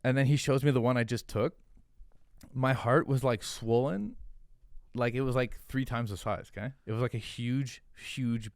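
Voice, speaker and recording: A young man telling a story in casual podcast talk, animated and profane, with lots of fillers. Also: mid-range voice, moderate pace, no room sound, clean studio sound. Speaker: podcast guest, hot sauce founder.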